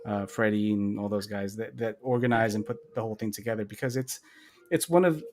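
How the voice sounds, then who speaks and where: A man's voice: lowish voice, a little fast, darkish tone, a little hiss or hum. A man co-hosting a model-building livestream, chatting casually with lots of fillers and restarts. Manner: rambling, many fillers and restarts.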